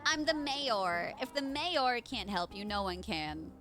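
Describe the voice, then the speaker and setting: Woman doing a pompous cat mayor, sleepy, lofty, bright tone. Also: a little high, animated, faint music behind. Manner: slow, lofty, drowsy proclamations.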